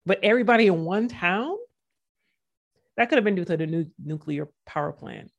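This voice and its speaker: A woman's voice: lowish voice, lively intonation, moderate pace, gravelly, lo-fi sound. A woman co-hosting a casual sports podcast, chatty and digressive, joking as she goes. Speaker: podcast co-host.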